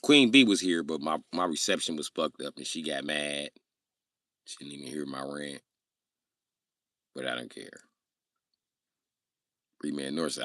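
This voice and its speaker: A man hosting a casual livestream rant, answering chat comments loudly, swearing and joking. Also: very deep voice, measured pace, long pauses, dry recording, studio quality. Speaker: livestream host.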